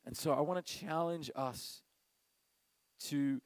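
Animated pastor preaching. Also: male voice, fairly high pitch, slow, dry recording, rough recording. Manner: animated, acts out quoted voices. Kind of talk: sermon.

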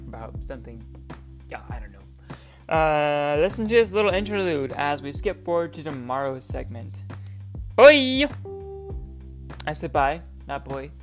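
A woman's voice: deep voice, lively intonation, normal speed, soft background music. A woman hosting her own casual podcast, rambling on with frequent swearing and self-mocking asides. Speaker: podcast host.

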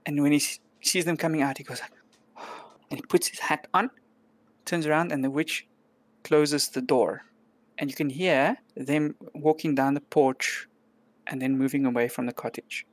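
Calm woman game master, low voice. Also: moderate pace, no echo. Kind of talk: narrating a tabletop role-play game.

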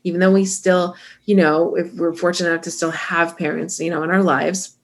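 A woman co-hosting a podcast in casual chat, calm and affirming as she explains ideas. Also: fairly low pitch, brisk. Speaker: podcast co-host.

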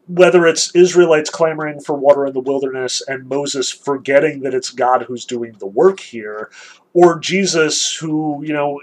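Male lecturer, fairly high voice, chatty, talks fast in asides. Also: poor audio. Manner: chatty, animated, self-deprecating asides. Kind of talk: casual literature lecture.

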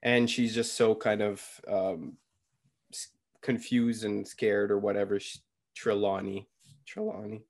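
A young man co-hosting a podcast, casually retelling a book chapter with lots of fillers and quick quoted lines. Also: fairly low pitch, little pitch movement. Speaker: podcast co-host.

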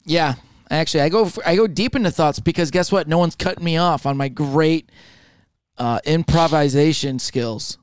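A man with a fairly high, smooth voice teases his co-host on a podcast, tossing in quick one-word replies. He sounds a little foggy. The recording is dry and close. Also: no echo. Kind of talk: casual podcast banter.

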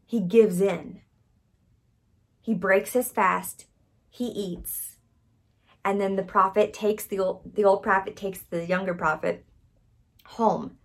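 A married woman preaching a sermon, telling a story with frequent "okay?" check-ins and dramatic swings from whispers to loud emphasis. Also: mid-range voice, steady tone, measured pace.

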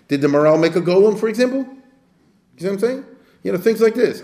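A man's voice: high voice, expressive, quick pace, a little mellow, echoey room. A man giving an informal lecture in a conversational way, often digressing and checking with his listeners. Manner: conversational, digressive, asks the audience for assent.

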